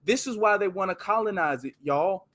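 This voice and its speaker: High-voiced emphatic male commentator. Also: expressive, normal speed, a bit bright. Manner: emphatic, repetitive. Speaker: host commenting on street footage. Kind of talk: casual video commentary.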